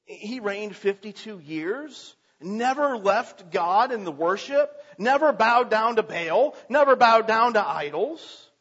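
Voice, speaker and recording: A preacher voicing a hushed, grieving prophet. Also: male voice, sits high, expressive, takes it slowly, hardly any pauses, breathy edge, full character voice. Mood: bewildered grief. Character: grieving male prophet, bewildered at his king's fate. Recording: dull lo-fi recording.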